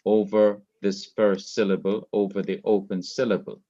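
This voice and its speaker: A man teaching a Hebrew grammar class, explaining slowly and repeating key points. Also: on the low side, little pitch movement, warm tone, muffled recording. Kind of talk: online classroom lecture. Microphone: laptop mic.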